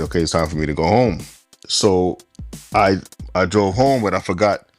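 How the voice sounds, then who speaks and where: A man sharing a personal story in a casual group discussion, retelling it step by step with quoted dialogue. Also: low voice. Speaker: panel guest.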